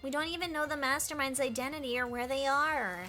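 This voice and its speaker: A woman's voice: high-pitched, steady tone, quick pace, sharp tone, faint music behind, voice pushed up. A woman voicing an anxious young girl classmate, worried and questioning.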